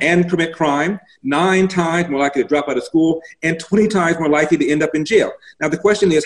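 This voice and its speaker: Male guest commentator, emphatic, stat-heavy, slightly high voice. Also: low-quality recording. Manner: emphatic, rattles off statistics. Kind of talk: political interview.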